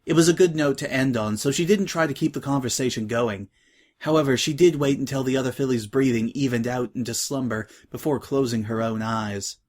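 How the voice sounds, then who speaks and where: A man narrating a dramatic reading of a fan story in a calm, even way. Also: medium pitch, brisk. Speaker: reader.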